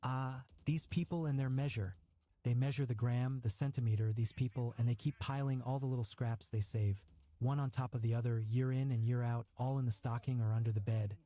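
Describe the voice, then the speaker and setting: A man's voice: mid-range voice, steady tone, fairly quick, dark tone, natural voice. A man reading as a sardonic young Italian man. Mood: scornful. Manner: mocking, grandly philosophical. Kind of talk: audiobook reading.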